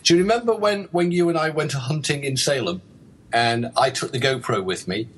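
A man's voice: mid-range voice, a little fast, husky. A man hosting a podcast in casual banter, playful and teasing with his co-hosts. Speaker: podcast host.

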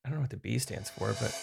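Easygoing quick-talking male co-host. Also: mid-range voice, creaky. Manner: quick, easygoing, laughs often. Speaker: podcast co-host. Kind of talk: casual comedy chat.

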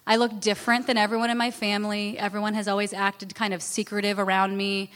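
A woman's voice: mid-range voice, little pitch movement, fast, fairly bright tone, in a large hall. A woman guest in an interview, candidly telling a personal story in a chatty, self-deprecating way.

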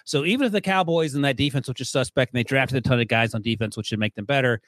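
Male podcast host, rapid and wry, dry close mic. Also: medium pitch, fairly bright tone, no echo. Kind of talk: casual podcast sports talk.

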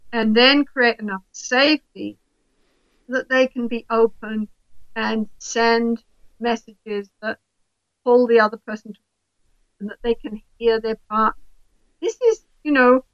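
Woman therapist, higher-pitched and bright; animated interview explainer who acts out the voices in her examples; dry, lo-fi recording. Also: dry recording. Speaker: couples therapist.

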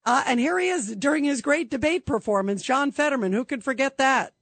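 A woman hosting a radio talk show, sarcastic and animated, mocking and doing impressions as she talks. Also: high voice, brisk, no room sound.

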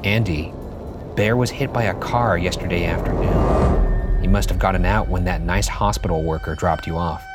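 A man reading the lines of a shaky, tearful older neighbor woman, gentle and trembling. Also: deep voice, moderate pace, over loud music, close to an everyday voice. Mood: sorrowful.

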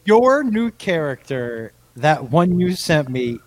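A man's voice: on the high side, very animated, takes it slowly, darkish tone. A man co-hosting a podcast in casual chat, rambling and often breaking into laughter. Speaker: podcast co-host.

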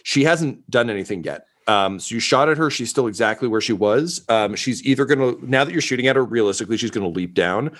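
A man running a tabletop game as game master, relaxed and full of ums and uhs. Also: mid-range voice, fast talker, few pauses.

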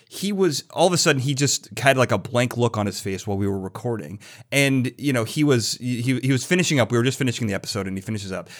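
A man hosting a podcast interview, telling stories with lively restarts and stumbles. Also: mid-range voice. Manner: animated storyteller, many restarts. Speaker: podcast host. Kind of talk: conversational interview.

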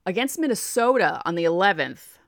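A woman's voice: mid-range voice, big pitch swings, fairly quick, creaky, no echo, studio quality. A woman with a New York accent giving a casual baseball preview, reading off stats and talking to herself as she checks lineups. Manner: chatty, reads off stats, talks to herself. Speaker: baseball podcaster. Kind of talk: casual sports preview talk.

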